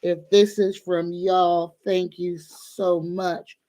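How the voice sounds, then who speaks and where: A woman's voice: on the low side, little pitch movement, warm tone. A woman hosting a casual livestream as a tarot reader, gushing and grateful. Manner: gushing and grateful, talks slowly.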